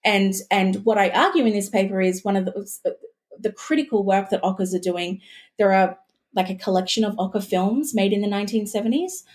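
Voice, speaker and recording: A woman's voice: mid-range voice, brisk, a little mellow. Eager woman historian. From Australia. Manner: eager, academic, thinks aloud while explaining. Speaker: guest historian. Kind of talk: podcast conversation.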